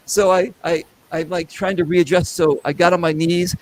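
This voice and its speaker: A middle-aged man with a slightly high voice hosts a casual show. He tells anecdotes in an animated way, acting out other people's lines as he goes. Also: a little fast, hardly any pauses, rough recording. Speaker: podcast host. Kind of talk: casual storytelling.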